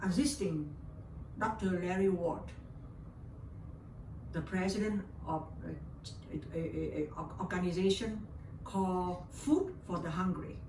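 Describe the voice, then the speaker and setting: A woman's voice: lowish voice, slow pace, long pauses, darkish tone. An older woman from Vietnam with a Vietnamese accent, speaking English as a second language as an interview guest, telling a personal story with feeling and often repeating her words. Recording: roomy and distant with faint background hiss.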